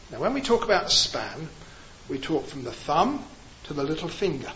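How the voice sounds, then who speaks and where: A man preaching a sermon, rising to emphatic peaks and then dropping low and slow. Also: big pitch swings, fairly bright tone, highs cut off.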